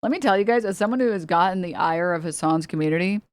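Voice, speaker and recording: A woman's voice: lowish voice, fast, clean tone, dry recording. Dry-miked exasperated woman streamer. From United States. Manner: heated, exasperated, sarcastic, laughs between points. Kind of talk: political commentary stream.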